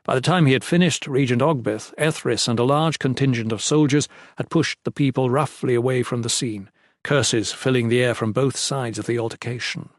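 With clean studio sound and no echo, a medium-pitched man reads a fantasy audiobook in a steady, deliberate storytelling manner.

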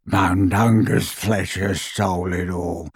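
A croaking, bullfrog-voiced old house elf, bowing and resentful, as a male narrator puts him on. He talks low and slow, chewing each word with bitterness, in a dry, close storybook reading. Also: fairly even intonation, no echo, heavily acted. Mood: sullen muttering. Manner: slow, muttering.

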